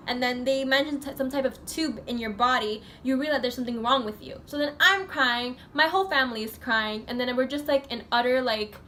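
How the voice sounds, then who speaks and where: A woman's voice: high-pitched, fairly bright tone, slight background noise. A woman from the USA telling a personal story in a casual vlog, rambling and chatty, full of fillers. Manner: chatty, rambling, heavy use of filler 'like'. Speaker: vlogger.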